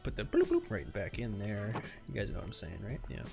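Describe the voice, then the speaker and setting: A man's voice: lowish voice, wildly swooping pitch, a little fast, vocal fry, music in the background. A young man chatting casually on a livestream while he plays, throwing in goofy made-up sound words. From USA. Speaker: streamer.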